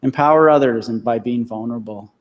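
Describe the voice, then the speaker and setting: A man's voice: medium pitch, a little fast, highs cut off. A man in his thirties giving a convocation address, earnest and repeating phrases for emphasis, to a large hall. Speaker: convocation speaker. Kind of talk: commencement speech. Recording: echoey hall reverb.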